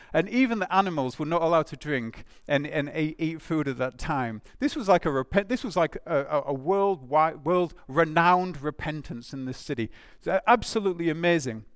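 A man preaching a sermon, animated and emphatic, with rhetorical questions and restarts. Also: a little high, no echo, studio quality.

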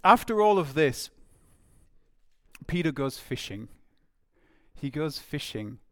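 Man, preacher, sermon, earnest, repeats phrases, higher voice, dry sound. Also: very animated, slow, no room sound.

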